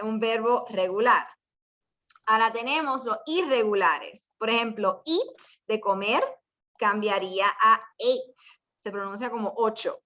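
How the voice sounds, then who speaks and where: In a muffled recording, an ESL teacher's slightly high voice comes across pushed and bright. She's teaching a bilingual lesson, going between English and Spanish, explaining patiently step by step and quizzing her students.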